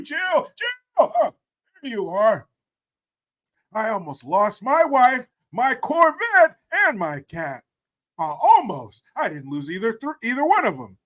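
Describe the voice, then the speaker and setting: A man doing an impression of a rambling, confused elderly male head of state who loses his train of thought and bursts into shouts. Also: very high-pitched, pitched above the performer's own voice, full character voice.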